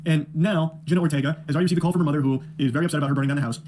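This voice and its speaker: A man's voice: fairly high pitch, fairly even intonation, racing, hardly any pauses, darkish tone. A man reviewing a film in an exasperated, profane, sarcastic rant. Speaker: film critic.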